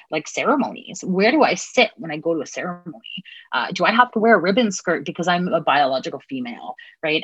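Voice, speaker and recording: A woman, a guest in an interview, speaking earnestly with many pauses and fillers. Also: low voice, breathy edge, no echo. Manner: earnest, many ums and uhs. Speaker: interview guest, Two-Spirit community worker. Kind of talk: heartfelt interview answers. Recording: dull, lo-fi sound with faint music.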